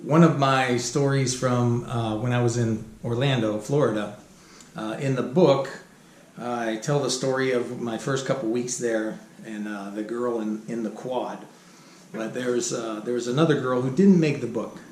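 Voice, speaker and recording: A man's voice: mid-range voice, steady tone, unhurried, a little mellow. A middle-aged man casually telling stories from his own life, rambling with many fillers and restarts and chuckling as he goes. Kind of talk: casual spoken storytelling. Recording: roomy recording with faint background hum.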